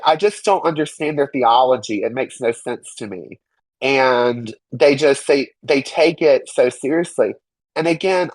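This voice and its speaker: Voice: mid-range voice, no echo, rough recording. A young adult interview guest giving emphatic, indignant personal testimony, swearing freely and mocking others in quoted voices.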